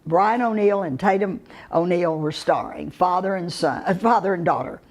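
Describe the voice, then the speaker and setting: Here a woman from Texas, older, speaks at a normal pace in a fairly low, somewhat mellow voice. Addressing a live crowd, she tells relaxed, homespun stories about her acting days, laughing softly and meandering through fillers.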